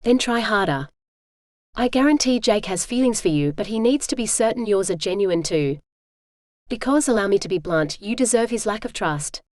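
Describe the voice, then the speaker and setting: A woman's voice: mid-range voice, expressive, moderate pace, darkish tone, dry recording, clean studio sound, lightly acted. A synthetic female voice reading a blunt, demanding woman's lines in an audiobook, reproachful in tone. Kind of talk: digitally narrated audiobook.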